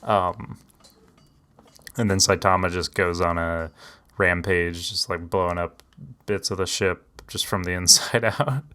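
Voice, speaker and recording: Deep voiced dude on a chill podcast, rambly, lots of um and like, trails off. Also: male voice, fairly even intonation, unhurried, clear, resonant tone. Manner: loose and rambling, drifts off quietly, many fillers. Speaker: podcast co-host. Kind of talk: casual chat.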